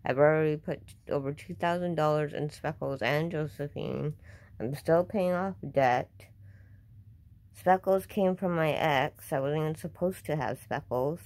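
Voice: medium pitch, unhurried, darkish tone, no echo. An upset vlogger talks casually to camera at home, defensive and repeating themselves.

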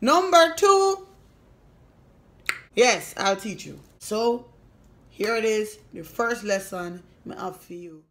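A woman's voice: medium pitch, expressive, slow, long pauses, a bit bright, a little hiss or hum. A woman playing a brash, sassy woman with a Jamaican accent who gives a bossy, emphatic mock lesson in a comedy sketch. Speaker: mock language teacher.

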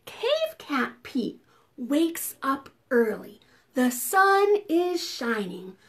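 A woman children's librarian leading a preschool storytime, reading and chanting rhymes in an animated, sing-song way. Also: sits high, extremely slow.

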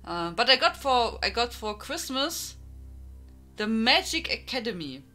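A woman's voice: a little high, sing-song, a little slow, pushed and bright, soft background music. A woman from Germany with a strong German accent, chatting casually on a live stream, greeting viewers by name and laughing often.

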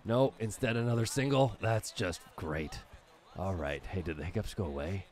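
A deep-voiced man talks through a video game as he plays it, hiccuping and catching little gasps mid-sentence. He is excitable and keeps urging himself on, and his low voice stays the same throughout. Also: moderate pace. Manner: excitable, cheering himself on while playing. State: hiccuping, gasping between words. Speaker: gaming YouTuber. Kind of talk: live gameplay commentary.

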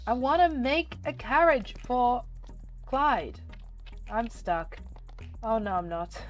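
A woman chatting excitedly through gameplay commentary, her voice nasal and slightly hoarse. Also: a little high, slow pace, faint music behind. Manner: chatty and excitable, talking to viewers. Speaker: gaming channel host.

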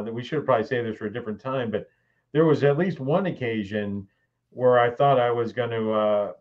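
An older man, the host's father, telling family stories in a dry, measured way with many pauses. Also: medium pitch, highs cut off. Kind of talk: casual chat.

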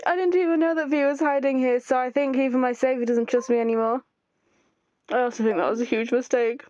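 A woman's voice: high-pitched, steady tone, a little fast, a little mellow, no echo, lo-fi sound, natural voice. A woman reading aloud the chat lines of an anxious, self-blaming young man who pleads not to be left. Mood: pleading. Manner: pleading, apologetic.

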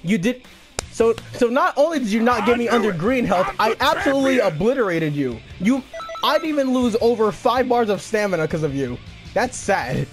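A young man narrates his online matches with cocky, taunting trash talk, jeering at his opponent and bragging about his own play. His voice sits fairly high for a man. Clear game music runs behind him. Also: big pitch swings, normal speed. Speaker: gaming channel host. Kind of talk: live gameplay commentary.

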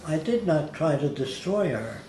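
Very animated yet unhurried, an older man with a slightly high, mellow voice shares life stories in a blunt, conversational style. He mimics accents when voicing others, in a roomy recording with faint background hiss.

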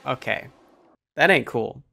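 A young man hosting a let's play of a horror game, excitable, yelping and shouting at scares and talking to himself as he plays. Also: medium pitch, takes it slowly, vocal fry. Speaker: gaming channel host. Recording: game music under the voice. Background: background music.

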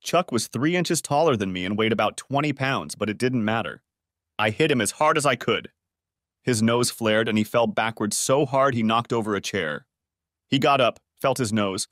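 A male audiobook narrator reading a first-person story with an expressive, animated delivery. His pitch moves a lot, and the studio sound is dry and close. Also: no echo. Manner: expressive, voicing quoted lines.

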